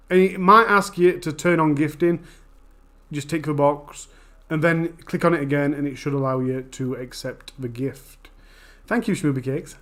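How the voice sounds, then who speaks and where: Fast-talking Yorkshire man, fairly high voice. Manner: fast-talking, broad and informal. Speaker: true crime channel host. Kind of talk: casual live-stream chat with viewers.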